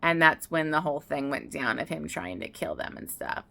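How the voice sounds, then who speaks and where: A woman's voice: low-pitched, sing-song, normal speed, gravelly, sharp tone. A young woman vlogging casually outdoors about books, rambling and emotional, often restarting her sentences. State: tearful. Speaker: book vlogger. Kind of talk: casual chat.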